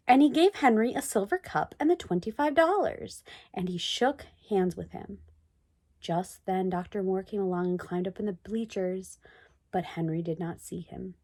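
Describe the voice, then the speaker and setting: A woman reading a children's chapter book aloud in an expressive read-aloud manner. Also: medium pitch, moderate pace. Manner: expressive, sing-song read-aloud delivery. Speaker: storybook reader.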